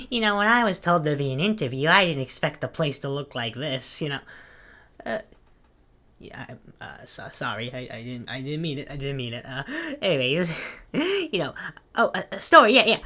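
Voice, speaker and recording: A rambling, unhinged hot dog guy, voiced by a woman for an animated audition. His voice sits a little low yet rings bright and forceful. He stammers, restarts and wanders off mid-thought. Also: exaggerated voice. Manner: rambling, stammering, self-interrupting. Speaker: voice actor auditioning. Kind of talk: casting call audition.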